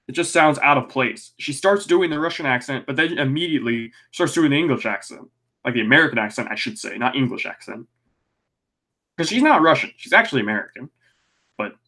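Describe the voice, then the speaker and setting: A man's voice: medium pitch, a bit bright. A young man co-hosting a podcast, reviewing wrestling in a casual, rambling way, with lots of ums, restarts and the odd swear. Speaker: podcast co-host.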